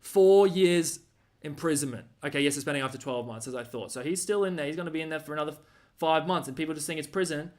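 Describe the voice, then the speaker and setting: A man's voice: on the high side, rapid-fire, a bit bright. An Australian man ranting casually, rambling and slangy with lots of fillers and restarts.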